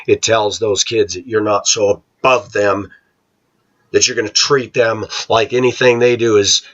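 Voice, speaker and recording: A middle-aged American man talks straight to the camera in a husky, fairly low voice, scornful and opinionated. The sound is a little dull and lo-fi. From United States. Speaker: vlogger. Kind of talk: casual ranting monologue.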